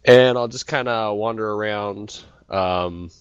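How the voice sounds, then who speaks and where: A man taking part in a tabletop role-playing game, relaxed and a bit hesitant, with frequent fillers. His voice is low-pitched. The sound is dry and close. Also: slow pace, clear, resonant tone, dry recording, lo-fi sound. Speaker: player. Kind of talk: casual tabletop role-play.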